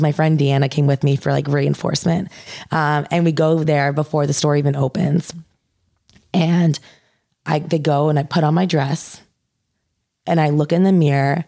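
Low-voiced young woman, filler-heavy storytelling. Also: gravelly, dark tone. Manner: says "like" constantly, swears casually. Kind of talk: casual storytelling chat.

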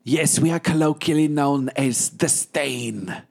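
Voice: mid-range voice, unhurried, vocal fry, a little mellow. A player in a tabletop game, trading dry, sarcastic banter in character.

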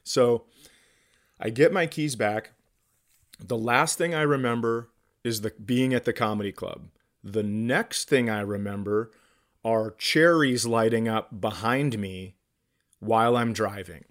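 A man's voice: on the low side, measured pace, fairly bright tone. A man, a comedian and podcast host, telling a story in casual chat with self-mocking humor.

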